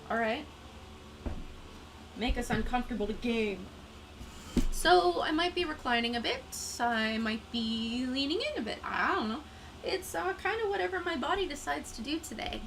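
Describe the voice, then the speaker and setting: A woman's voice: high voice, noisy background. A woman hosting a casual live stream, chatting in a rambling, self-deprecating way.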